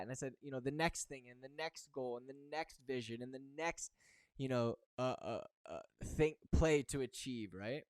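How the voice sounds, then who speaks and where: A man gives a motivational talk as host, pressing his points by repeating words and phrases. His voice is smooth and clear, at a middle pitch. The sound is dry and close. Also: dry recording. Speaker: football recruiting coach and host.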